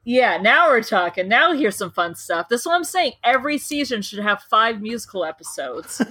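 A woman's voice: a little high, sing-song, normal speed, bright, forceful tone, slightly rough, dry recording. A woman co-hosting a podcast, chatting casually and gushing with enthusiasm. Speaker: podcast co-host. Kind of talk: casual chat.

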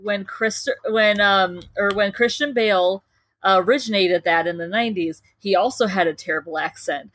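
A woman co-hosts a podcast in easy, casual chat. She gushes with animated enthusiasm. Her voice sits at a middle pitch and is recorded dry and close. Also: moderate pace, dry recording. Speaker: podcast co-host.

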